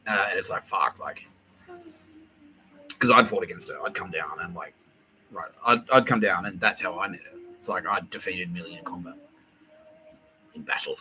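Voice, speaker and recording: A slightly low-pitched man rambles through a solo podcast in a sharp, very bright voice. He talks excitably, swears often and laughs between lines. A faint hum sits behind him. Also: normal speed, pauses often, rough recording. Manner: excitable, profane, laughing, acts out quoted voices. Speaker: podcast host.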